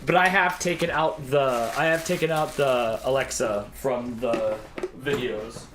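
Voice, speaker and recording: A man's voice: medium pitch, fairly even intonation, a little slow. A man co-hosting a home cooking show, joking around in casual chat. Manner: playful, joking. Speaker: co-host. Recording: echoey room, faint noise.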